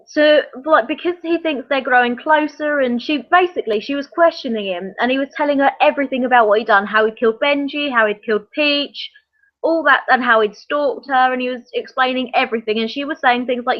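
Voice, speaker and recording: An English woman joins over a video call, and her voice comes through dull and lo-fi. She sounds slightly high-pitched as she recaps the plot plainly, with the odd dry quip. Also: a little fast. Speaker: guest reviewer. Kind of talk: casual book discussion.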